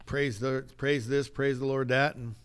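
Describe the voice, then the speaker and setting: Unhurried and smooth, this mid-range male voice belongs to a podcast co-host sharing a story in casual chat. He gets animated and acts out the voices of everyone he quotes.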